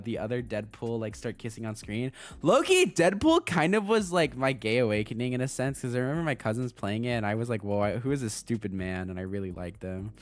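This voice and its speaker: A young man chatting casually on a livestream as a VTuber streamer, excitable, laughing often and swearing freely. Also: mid-range voice.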